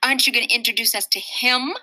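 A woman's voice: fairly high pitch, fairly even intonation, fast, bright, forceful tone, no room sound, voice pushed up. A woman doing a tough, bossy schoolgirl. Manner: blunt, threatening. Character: tough bossy schoolgirl who punches boys.

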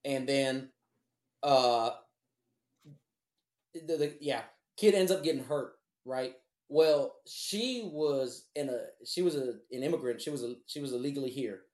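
Speaking at an unhurried pace with a darkish, medium-pitched voice, this Houston, Texas man rambles through a long personal tale. He's blunt and profane, and the room sounds echoey.

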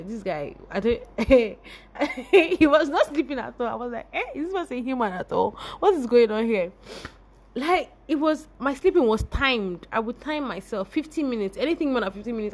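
A young woman hosting a podcast, telling a personal story in a lively, expressive way and laughing often. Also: fairly high pitch. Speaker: podcast host.

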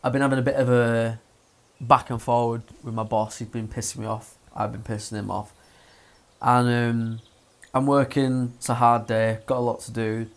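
A young man, telling a story in casual chat, sweary and animated. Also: medium pitch, normal speed. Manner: sweary, animated, acts out voices in his stories.

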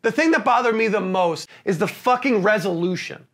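A man co-hosting a casual film review podcast, ranting with profanity, laughing through his complaints and mocking the characters in quick put-on lines. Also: high voice, expressive, a bit bright. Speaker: podcast co-host.

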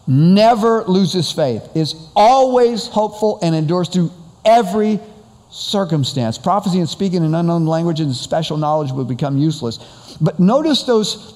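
A man's voice: fairly high pitch, dark tone, in a large hall. A man preaching a sermon as pastor, earnest and conversational, often repeating and stressing words.

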